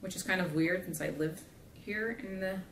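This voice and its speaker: A woman's voice: on the low side, moderate pace, vocal fry, a bit bright. A young woman from South Florida chatting casually, rambling with lots of fillers while she builds a gingerbread house. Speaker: vlogger. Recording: echoey room, faint background hiss.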